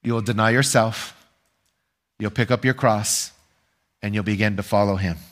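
An older man preaching a sermon as pastor, earnest and measured, asking his listeners rhetorical questions and pausing for answers. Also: fairly low pitch, fairly even intonation, a bit bright.

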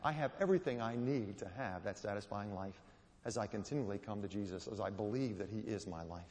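A man's voice: on the low side, a little fast, a little mellow. Guest preacher, man, sermon storytelling with strong emphasis, reverberant church hall.

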